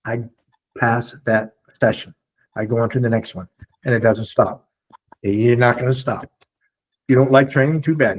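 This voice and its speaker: A man speaking casually to a support group on a video call, animated and often checking in with his listeners. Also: mid-range voice, breathy edge, poor audio. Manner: animated, repeatedly checks in with "okay?". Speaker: near-death experiencer sharing his story.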